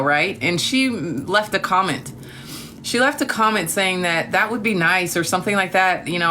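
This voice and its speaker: A woman's voice: on the low side, sharp tone, a little hiss or hum. A woman chatting live with her viewers, gushing and calling them honey and darling while talking about gratitude and trust. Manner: spiritual talk of gratitude and trust. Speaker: TikTok live streamer. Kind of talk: casual live-stream chat with viewers.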